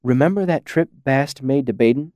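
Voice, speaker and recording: A man's voice: high-pitched, lively intonation, brisk, no room sound, pitched above the performer's own voice. A man voicing a humble, friendly male innkeeper eager to serve his customers. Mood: obliging.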